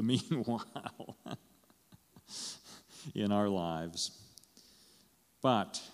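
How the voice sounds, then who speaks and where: A man's voice: on the low side, big-room sound. A man pastor preaching a conversational sermon in a church, asking the congregation questions and chuckling as he goes.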